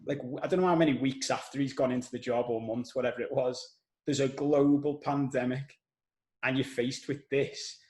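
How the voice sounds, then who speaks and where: A man with a Scouse accent hosting a podcast, telling stories in an animated, casual way and swearing now and then. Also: mid-range voice, moderate pace, echoey room, poor audio. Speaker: podcast host. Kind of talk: casual conversational podcast chat.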